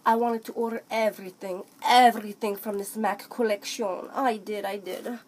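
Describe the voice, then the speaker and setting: A young woman chatting excitedly through a makeup haul, often breaking into snippets of song and playful put-on accents. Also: mid-range voice, normal speed, few pauses, slight background noise, low-quality recording. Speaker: beauty vlogger. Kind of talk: casual makeup haul chat.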